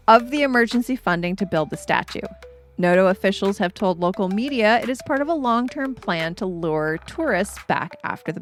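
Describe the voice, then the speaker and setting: Giggly woman reading news aloud. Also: mid-range voice. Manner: giggly, reads in a put-on newscaster cadence. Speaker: podcast co-host. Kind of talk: casual chat, reading a news article aloud.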